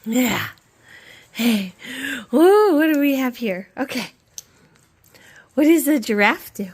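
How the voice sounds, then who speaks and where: A young mother talks to her toddler at home in a bright, animated baby-talk voice. Her pitch sits high and leaps up and down with every question. She draws out her words slowly for the little one. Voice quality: bright, animated parent voice with gasps and laughs. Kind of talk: sing-song baby talk.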